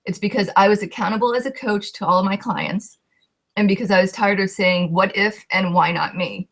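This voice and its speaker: A woman's voice: medium pitch, fairly quick, fairly bright tone. Emotional young woman sharing her story. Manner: heartfelt, voice shaking with emotion. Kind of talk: emotional personal testimony.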